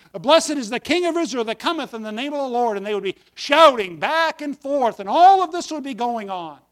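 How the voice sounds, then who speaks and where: A man preaching a folksy sermon to his congregation, with sudden emphatic bursts on key words. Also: high-pitched. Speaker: pastor.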